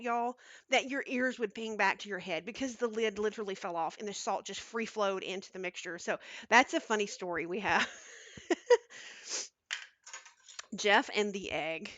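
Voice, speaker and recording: Chatting through stories on her home cooking stream, a woman keeps asking "okay?" as she rambles from the kitchen. She has a mid-range, slightly bright voice, talks a little slowly, and the recording has no room sound.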